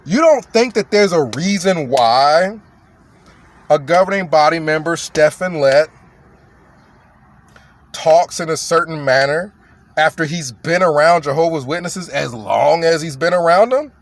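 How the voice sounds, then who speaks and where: A man delivering a casual rant as a commentator, blunt and mocking, pressing hard on his points. His voice sits a bit high, and he talks at an unhurried, slow pace. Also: a little hiss or hum.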